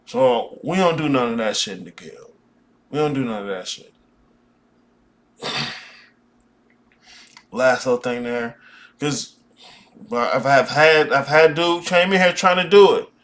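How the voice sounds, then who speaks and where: A man's voice: mid-range voice, animated, a little slow, long pauses, fairly bright tone. A man teaching a magic class, talking bluntly and profanely in a casual rant.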